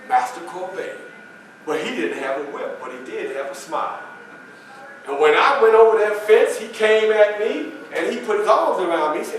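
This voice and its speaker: A man's voice: high voice, slight background noise. Folksy male reenactor in an echoey room. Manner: folksy, questions the audience, plays the other people in the story. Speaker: historical reenactor. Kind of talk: first-person character storytelling to an audience. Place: library meeting room. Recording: echoey room from a far camera.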